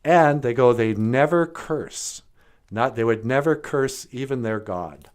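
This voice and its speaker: A man's voice: mid-range voice, measured pace, a little mellow. A man with an Ojibwe reservation English accent, co-hosting a podcast and telling a story in loose, joking casual chat.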